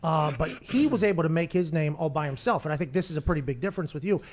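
A man's voice: a little high, fast. A man hosting a talk show, asking teasing, passive-aggressive questions of his guest.

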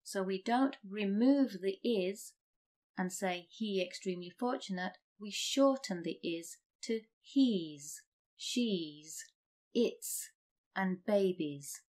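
A woman teaching English grammar, reading example sentences slowly and deliberately. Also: mid-range voice, a little mellow. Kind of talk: slow scripted grammar lesson.

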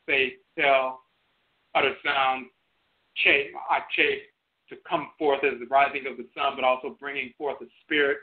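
A man lectures on a talk radio show. He speaks in an emphatic, teaching manner and drives points home through repetition. His mid-pitched voice comes through a thin, phone-like line. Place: internet radio broadcast by phone. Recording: tinny phone-line audio.

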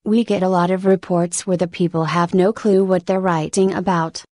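A woman's voice: fairly low pitch, fairly even intonation, normal speed, dark tone, dry recording, clean studio sound, natural voice. Woman reading as a blunt, chatty female reviewer. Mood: exasperated. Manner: blunt, talkative.

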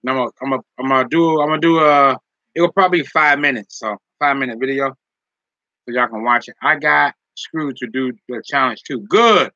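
On a casual live stream, a man reads chat comments aloud and teases viewers, joking and laughing often. His medium-pitched voice is brisk, pushed and bright, recorded with no room sound and the highs cut off.

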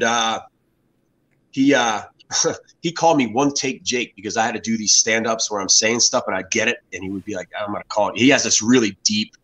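In a rough recording, a medium-pitched, slightly bright American man in his fifties appears as a guest in a casual interview. He tells rambling stories and restarts his sentences often.

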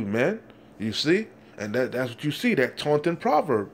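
A man preaching from scripture, reading verses slowly and breaking in constantly with "you see?" and "man.". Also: medium pitch, very animated, a little hiss or hum. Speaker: street preacher. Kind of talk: fiery scripture exposition.

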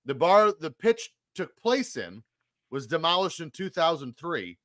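A man's voice: on the high side, big pitch swings, measured pace, no echo. A man co-hosting a podcast, reading movie facts and cracking dry jokes in casual chat. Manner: dry, wisecracking. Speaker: podcast co-host.

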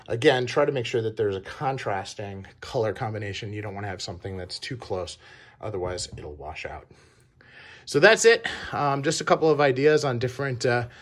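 A man vlogging casually about his shoe and sock collection, talking in a halting way with many pauses and restarts. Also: on the low side. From Wisconsin. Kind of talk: casual show-and-tell.

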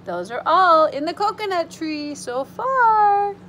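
A woman with a high voice reads a picture book to small children, drawing out the words at an unhurried pace. She is animated and expressive, gasping and exclaiming at the pictures, then drops into soft, reassuring asides for her young listeners. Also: slight background noise, poor audio. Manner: animated storytime voice with gasps and exclamations. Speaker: preschool teacher.

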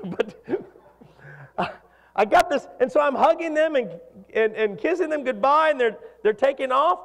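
High-voiced preaching man in reverberant hall. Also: unhurried, gravelly, pauses often. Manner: animated preaching, asks the congregation questions. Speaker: pastor. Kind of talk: sermon. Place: church hall.

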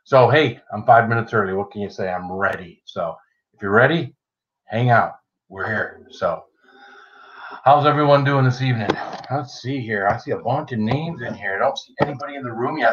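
A man's voice: mid-range voice, fairly bright tone, highs cut off, a little hiss or hum. Chatty man hosting a livestream. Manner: chatty, greets viewers by name, jokey. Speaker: livestream host. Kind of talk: casual live-chat greetings.

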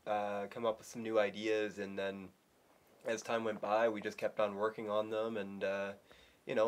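A man with a fairly low, flat voice, the band's keyboardist, answers questions haltingly. He stops and restarts with frequent fillers. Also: a little hiss or hum. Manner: halting, hesitant. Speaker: band keyboardist. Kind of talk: casual interview chat.

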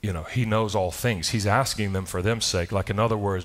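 A man's voice: lowish voice, fairly even intonation, fairly quick. A man preaching a sermon in a loose, conversational style, often restarting his sentences and asking rhetorical questions. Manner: loose delivery with frequent restarts. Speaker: pastor. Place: church service.

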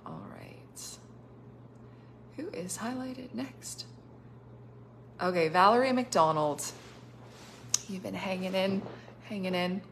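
A woman's voice: mid-range voice, big pitch swings, slow, pauses often, slight background noise. A woman with a cough giving spontaneous prophetic words to people over a live stream, effusive and chatty, laughing often and saying "like" a lot. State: has a cough, on cough syrup. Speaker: prophetic minister.

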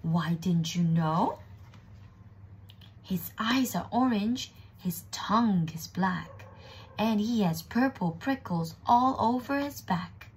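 A woman voicing a clever little mouse who talks in a brisk, cheeky, boastful way in a storybook reading. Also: mid-range voice, animated, slightly rough, heavily acted.

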